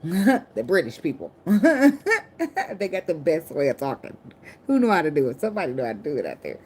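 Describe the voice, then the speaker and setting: A woman with a low voice gives a casual tarot reading to her camera. She talks bluntly, swears freely and jokes as she goes. Clicks and the shuffle of cards are clearly heard under her voice. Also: darkish tone, slight background noise. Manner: blunt, profane and joking. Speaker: tarot reader. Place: indoors at night under a ring light.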